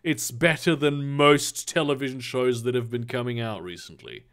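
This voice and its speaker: A man's voice: medium pitch, normal speed, fairly bright tone. A man hosting a live stream, chatting casually and rambling with jokes and restarts. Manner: rambling, jokey, slips into a mock Australian voice. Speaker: streamer host.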